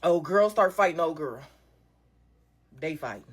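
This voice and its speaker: A young woman telling a casual storytime, animated and slangy, laughing as she goes. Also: sits low, unhurried, a little hiss or hum. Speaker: storytime vlogger.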